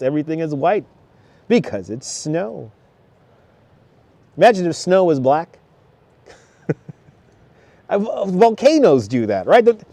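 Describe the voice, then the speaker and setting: Live-streaming from a snowy beach, a thirties-aged man with a slightly high, warm voice chats with viewers, greeting them by name and laughing a lot. He's on a wireless clip-on mic, and there's no room sound.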